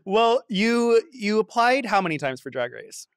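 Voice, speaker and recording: A man hosting an interview, asking short prompting questions in an unhurried way. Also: sits high, big pitch swings, smooth, dry recording, studio quality. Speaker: podcast host.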